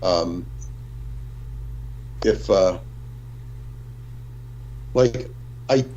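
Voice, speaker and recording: A man co-hosting a livestream discussion, speaking in a measured, deliberate way. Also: low voice, a little mellow, muffled recording, slight background noise. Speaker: livestream co-host.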